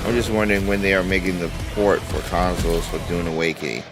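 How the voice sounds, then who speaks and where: A man co-streaming a game showcase, reacting in chatty, excitable commentary that swings from flat to shouting. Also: sits low, fast. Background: showcase audio and music.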